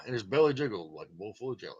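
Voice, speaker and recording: A man's voice: lowish voice, very animated, rapid-fire, slightly rough, dull audio. A man hosting his own channel, rambling and joking through a casual livestream monologue and laughing often. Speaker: channel host.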